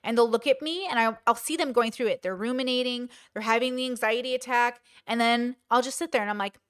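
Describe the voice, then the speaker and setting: A woman's voice: on the high side, a little fast, no echo, clean studio sound. A woman hosting a commentary channel, telling a personal story candidly in casual talk and acting out quoted lines.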